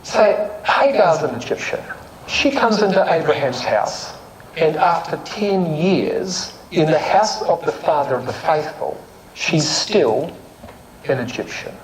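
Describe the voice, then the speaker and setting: High-voiced man giving a Bible talk. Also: lively intonation, a little slow, crowd noise. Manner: rhetorical questions, reads verses with stress. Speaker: Bible speaker. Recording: echoey room with loud air-conditioning hum.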